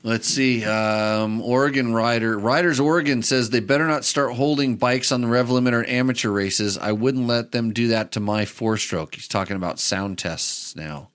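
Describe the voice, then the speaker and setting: A man hosting a casual podcast, haltingly reading out viewer questions. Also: medium pitch, a bit bright, clear, resonant tone. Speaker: podcast host.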